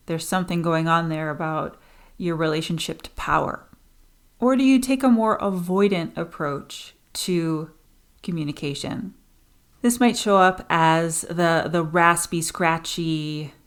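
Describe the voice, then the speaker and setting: A woman voice coach hosting a teaching podcast, talking straight to her listeners and changing her pace for emphasis. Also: fairly low pitch. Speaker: voice and speaking coach.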